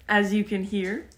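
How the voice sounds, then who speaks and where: Giggly woman hosting a podcast. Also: medium pitch. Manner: giggly, self-deprecating, rambling. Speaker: podcast host. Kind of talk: casual podcast chat. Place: home with cats nearby.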